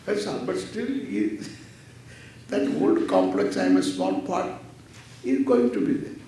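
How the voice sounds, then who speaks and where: A man's voice: sits high, wildly swooping pitch, unhurried, dark tone. A man, a Vedanta teacher giving a playful scripture lecture and acting out little dialogues. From India. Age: 70s. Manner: playful, acts out dialogues with laughter. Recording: echoey hall, distant mic, faint noise.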